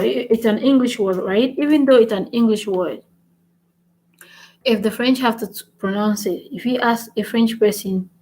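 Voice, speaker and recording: A language-learning channel host, this woman gives a casual vlog lesson, going back and forth between French and English and repeating points with "right?". Her voice is a little high, and the recording is rough.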